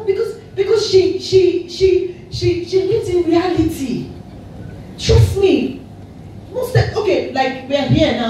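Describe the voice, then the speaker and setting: A Nigerian actress giving a lively motivational talk to a live audience, telling stories and slipping into Yoruba. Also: female voice, on the high side. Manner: lively storytelling, mixing in Yoruba, often laughing. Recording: echoey hall, voice far from mic, faint noise.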